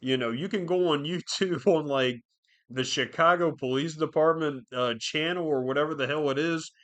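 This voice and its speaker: This solo podcast host has a fairly high, fairly bright voice and keeps a moderate pace. His casual commentary rambles along, full of profanity and filler words.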